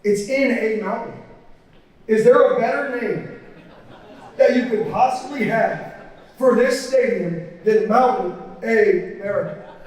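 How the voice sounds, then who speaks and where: A man's voice: high-pitched, measured pace, pauses often. A man, a head football coach, making press remarks, heard in a played clip. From Arizona. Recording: echoey, distant clip.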